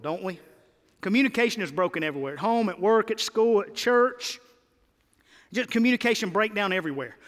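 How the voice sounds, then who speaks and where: High-voiced impassioned man preaching in a hall. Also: fairly bright tone. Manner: impassioned, pleading preaching with sudden rises. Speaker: pastor. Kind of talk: sermon.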